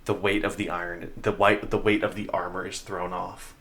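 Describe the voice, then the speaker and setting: A man narrating a tabletop game as game master, in a measured, descriptive way with many fillers. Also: deep voice, flat delivery, creaky, a bit bright, slight background noise.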